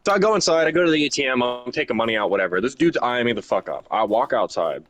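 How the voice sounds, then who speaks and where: A man's voice: mid-range voice, expressive, fast talker, fairly bright tone, a little hiss or hum. A young man telling a crude, rambling story during a casual chat while gaming. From Ohio.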